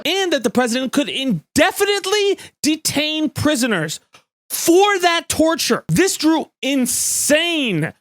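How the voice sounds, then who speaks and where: A man's voice: extremely high pitch, fairly bright tone, no room sound. A young man hosting ranting political commentary, profane and sarcastic, swinging between heated outbursts and mocking asides.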